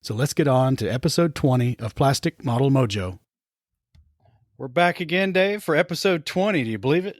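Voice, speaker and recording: A man hosts a casual podcast about a hobby, with a laid-back and dry-humored manner. His voice sits at a middling pitch. The sound is dry and close, with no room echo. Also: animated, a little fast. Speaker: podcast host.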